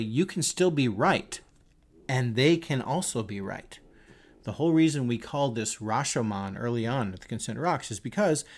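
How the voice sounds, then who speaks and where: A man hosting his podcast, talking in a thoughtful, earnest way and telling stories as he reflects. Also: medium pitch. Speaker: podcast host. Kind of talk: reflective casual monologue.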